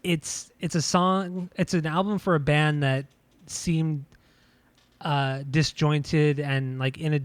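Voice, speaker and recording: A man co-hosting a podcast, giving a casual album review in halting speech full of restarts and fillers. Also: on the high side, fairly even intonation, no echo. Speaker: podcast co-host. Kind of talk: casual music review chat.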